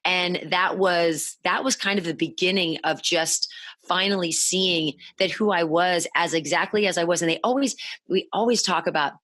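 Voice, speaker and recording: A woman podcast guest in her thirties, speaking candidly in a halting way, often restarting and quoting her past self. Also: lowish voice, fairly bright tone, no echo. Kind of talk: candid conversational interview.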